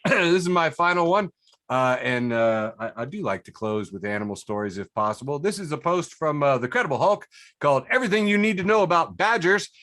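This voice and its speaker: A man's voice: on the high side, animated, brisk, fairly bright tone, dry recording, studio quality. A man hosting a casual podcast chat over a video call. He reads social media posts aloud, laughs often and puts funny voices on the quotes. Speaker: podcast host.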